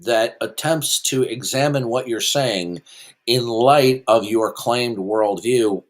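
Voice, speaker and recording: A man's voice: medium pitch, takes it slowly. A man hosting a heated call-in debate, condescending and combative, quizzing the caller. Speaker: host.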